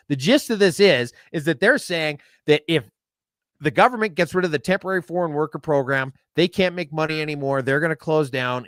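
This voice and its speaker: Sarcastic talk show host, fairly high voice. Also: male voice, fairly bright tone, no echo, clean studio sound. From Alberta. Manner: sarcastic, reads headlines aloud, teasing. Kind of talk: casual news chat.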